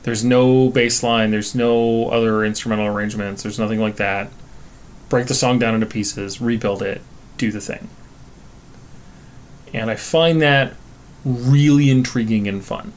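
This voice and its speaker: A man's voice: medium pitch, steady tone, unhurried. A Canadian man co-hosting a casual chat about recording cover songs, rambling with fillers and restarts. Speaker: podcast co-host.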